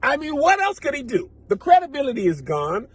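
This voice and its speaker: A man giving a comic, incredulous reaction commentary, rambling and animated. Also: very high voice, fairly quick, no echo. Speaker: comedian.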